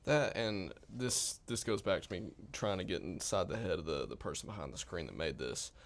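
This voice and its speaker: A man's voice: sits low, lively intonation, moderate pace. A man co-hosting a casual podcast discussion, jokey and prone to sudden outbursts. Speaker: podcast co-host.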